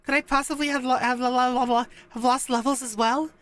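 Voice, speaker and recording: A man's voice: extremely high pitch, fairly even intonation, very noisy, voice pushed up. A man voicing an earnest, literal-minded young girl who stammers. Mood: worried. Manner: stammering, halting delivery.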